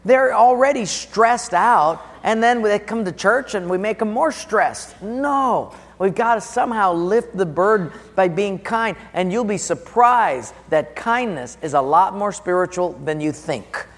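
A middle-aged man preaches with a notably high voice, talking to his congregation in a loose, animated way and slipping into the voices of the people in his stories. His words ring out with a long reverb through a church sanctuary. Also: measured pace, hardly any pauses. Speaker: pastor. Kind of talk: sermon.

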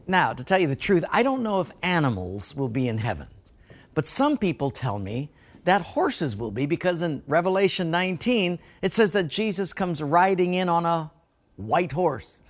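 A man's voice: a little high, big pitch swings, normal speed. A man preaching a sermon as a pastor, telling folksy stories and laughing at his own jokes.

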